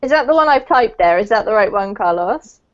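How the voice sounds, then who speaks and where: A woman's voice: mid-range voice, lively intonation, a little fast, dull audio. British woman teaching pronunciation online. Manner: chatty, encouraging, with frequent ums and laughs. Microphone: video call.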